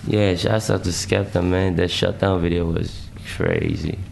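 A man's voice: sits low, fairly even intonation, unhurried, gravelly, darkish tone, slight background noise. A man chatting casually as an interview guest, laid-back and slangy, cursing freely. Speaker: guest musician.

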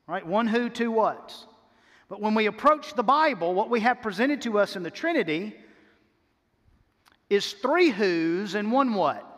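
Male pastor, high voice, emphatic sermon delivery with repeated phrases, church hall reverb. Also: a bit bright. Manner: emphatic preaching with repeated phrases and slowed key words. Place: church sanctuary.

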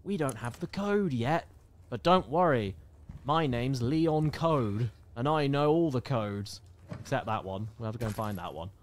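A young man giving joking, excitable live commentary while playing a video game, swearing often. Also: medium pitch, normal speed. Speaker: streamer.

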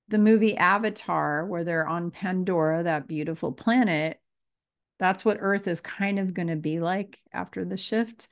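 A woman giving an earnest, casual spiritual talk, repeating phrases and pausing with fillers as she grows emotional. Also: deep voice. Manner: earnest, emotional, pauses to collect herself. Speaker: spiritual teacher.

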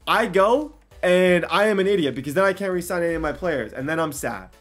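A young man giving casual, excitable commentary while playing a football video game, breaking into loud outbursts and mocking himself. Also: high voice, a little fast, soft background music. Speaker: gaming commentator.

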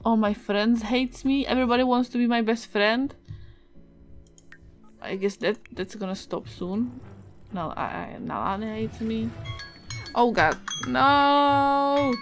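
A Czech-accented woman giving casual let's-play commentary, excitable, swearing and yelping at the game. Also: fairly high pitch, a little slow, long pauses, soft background music. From Czech Republic. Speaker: gaming video creator.

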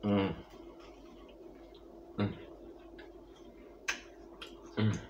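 In a very deep, darkish voice with a steady tone and drawn-out words, a mukbang vlogger eats and chats playfully with her viewers. She jokes around and savors bites with long hums, on a lo-fi recording with slight background noise and a roomy echo.

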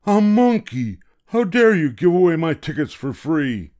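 An older man putting on a ticket seller who bellows his anger at a small intruder. The voice is pushed well above a grandfatherly register and swings widely in pitch. This is storybook read-aloud acting. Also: big pitch swings, drawn-out words, creaky, heavily acted. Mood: angry. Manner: shouting, indignant. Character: angry male ticket seller, adult.

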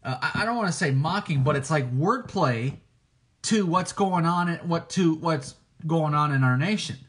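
A preacher giving an informal teaching, talking hesitantly with many restarts and frequent checks for agreement. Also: male voice, a little high, normal speed, fairly bright tone. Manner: hesitant, frequent restarts, keeps asking "okay?".

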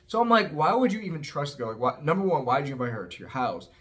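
A man's voice: a little high, fast talker. A man recapping a reality show in a casual, opinionated, sassy way, peppering his talk with "like" and "girl". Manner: sassy, animated, heavy use of "like" and "girl".

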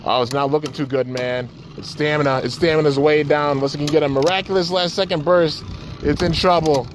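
A man giving casual, excitable play-by-play of his own toy battles outdoors, with his voice jumping up at big moments. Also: a little fast, a little hiss or hum. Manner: excitable, says man and dude a lot, pitch jumps at big moments. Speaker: toy battle channel host. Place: outdoors, flies around.

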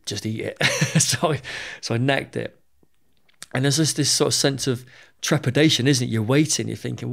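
A middle-aged man recounts his own past as a podcast guest in a frank, unpolished way. His voice has a gravelly edge, and he swears freely and often doubles back on his words mid-sentence. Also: mid-range voice. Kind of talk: candid storytelling interview.

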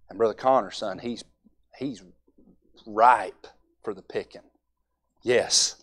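A man's voice: medium pitch, lively intonation, unhurried, pauses often. A young man preaching a Sunday evening sermon in a folksy way, acting out altar conversations.

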